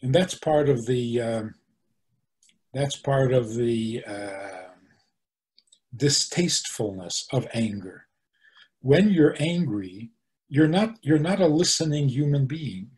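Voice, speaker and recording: A rabbi in a teaching talk, his voice rising and falling freely as he speaks. He is an animated man who poses questions and answers them himself. He sits at a middle pitch for a man. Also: slow pace, long pauses. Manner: animated, acts out the angry voices he quotes.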